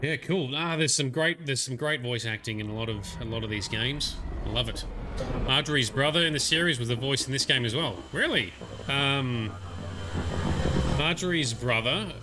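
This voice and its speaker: A man casually commenting on a game he streams, rambling with many pauses and fillers. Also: mid-range voice, noisy background. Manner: chatty, rambling, hesitant. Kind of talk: casual let's-play commentary.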